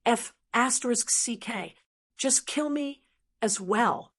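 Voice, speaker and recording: A woman's voice: a little high, expressive, slow pace, husky, heavily acted. A woman voicing an angry, defiant man who has been cornered by his old gang, in a storybook read-aloud. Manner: shouting, defiant.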